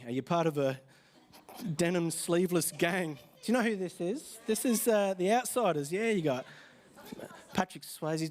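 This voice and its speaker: A middle-aged pastor giving a casual, joking sermon, asking the congregation questions. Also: male voice, fairly high pitch, a little mellow. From Australia. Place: church hall with congregation.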